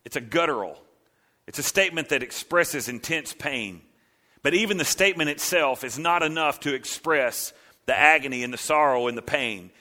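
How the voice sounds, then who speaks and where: Male pastor, sermon delivery, bright tenor-leaning tone, dramatic dynamic swings. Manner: dramatic preaching, swings from low hushed lines to loud cries.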